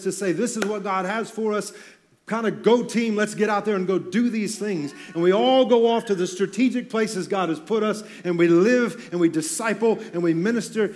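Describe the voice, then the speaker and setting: Man preaching, high voice, conversational, joking asides, church stage mic. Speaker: pastor. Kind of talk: sermon.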